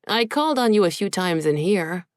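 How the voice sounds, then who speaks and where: A woman's voice: medium pitch, lively intonation, normal speed, no room sound, studio quality, natural voice. A woman voicing a wry, joking teenage boy who is eager to help.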